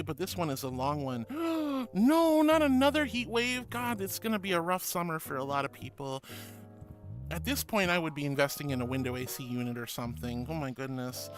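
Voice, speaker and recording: A VTuber streamer chats casually with her viewers, bubbly and gushing as she calls them honey and sweetie. Her voice is on the low side and a bit bright.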